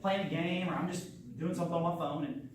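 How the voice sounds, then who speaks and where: A man's voice: on the high side, fairly even intonation, quick pace, slight background noise. A man, a martial arts instructor, giving a playful call-and-response lesson to young children, coaxing them to repeat words. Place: large school room with children. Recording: echoey room recorded from far off with children behind.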